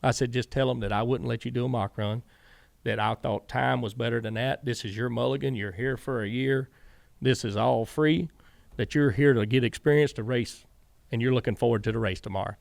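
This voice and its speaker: A man's voice: medium pitch, brisk, creaky, no room sound. A middle-aged man with a Southern US accent, a guest in an interview, telling long rambling stories and quoting himself and others. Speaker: guest, former racing crew chief. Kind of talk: casual storytelling interview.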